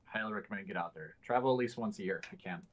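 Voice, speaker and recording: A man's voice: fairly low pitch, racing. A man taking part as a guest in a casual roundtable podcast chat, rambling and restarting his sentences.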